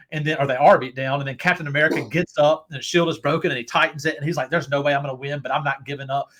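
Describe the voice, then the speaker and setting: Middle-aged male host, bright tense voice, excitable rambling fan energy. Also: a little high, slight background noise. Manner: enthusiastic, rambling fan talk. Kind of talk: casual chat.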